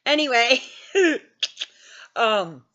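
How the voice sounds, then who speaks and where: Older woman vlogger, brash and self-deprecating storyteller who swears freely; slightly high voice, muffled mic. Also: sing-song, extremely slow, pushed and bright. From Wisconsin, US. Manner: blunt, swears a lot, self-mocking. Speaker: gaming channel host. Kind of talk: casual storytelling.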